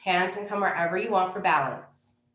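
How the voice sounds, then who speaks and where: A woman teaching a yoga class, giving calm, unhurried cues for poses and breathing. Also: mid-range voice, roomy sound. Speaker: yoga instructor. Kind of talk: guided yoga class instruction.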